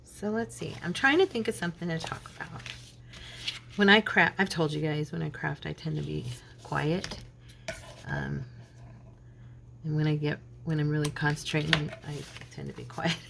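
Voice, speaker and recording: A middle-aged woman with a notably low voice chats casually while working on a craft project. She tells stories and laughs often. A faint hiss sits under her voice. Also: moderate pace, vocal fry, long pauses. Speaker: crafting channel host; minister.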